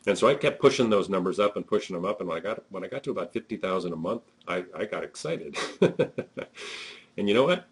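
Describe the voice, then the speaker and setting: A man's voice: sits low, expressive, fast, creaky, slightly rough. A man giving a conversational, emphatic motivational talk as a network marketing trainer, with frequent fillers.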